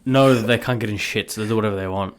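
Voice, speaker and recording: A man's voice: fairly low pitch, racing. A young Australian man co-hosting a comedy podcast, mocking and sarcastic as he rants. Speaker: podcast co-host. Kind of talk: casual comedy podcast banter.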